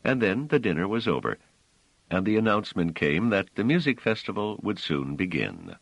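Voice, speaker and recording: A man narrating an audiobook with expressive storytelling. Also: low-pitched, normal speed, gravelly, no echo, low-quality recording. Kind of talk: scripted narration.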